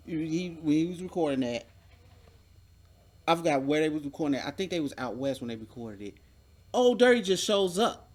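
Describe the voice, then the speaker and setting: A man's voice: on the high side, lively intonation, fairly quick, long pauses. A man in casual chat, telling a story with animation and acting out the quotes, recorded in a media studio.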